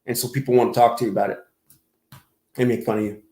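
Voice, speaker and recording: A man mocking a clip in a sarcastic, crude reaction commentary with a drawn-out delivery. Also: mid-range voice, fairly even intonation, mellow. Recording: roomy, echoey room.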